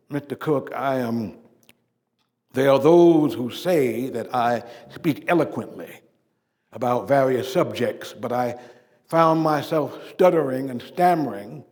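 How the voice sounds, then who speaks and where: On stage, a living-history performer plays a dignified civil rights preacher, recounting his life story in a first-person monologue. His natural, medium-pitched voice carries measured oratory that swells emphatically and then drops to a hush, with a long reverb tail.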